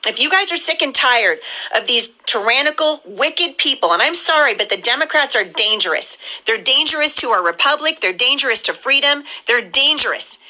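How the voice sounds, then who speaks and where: A woman's voice: fairly high pitch, sharp tone, low-quality recording. A middle-aged woman from the US Pacific Northwest, giving a fiery, indignant live-stream address as a political candidate.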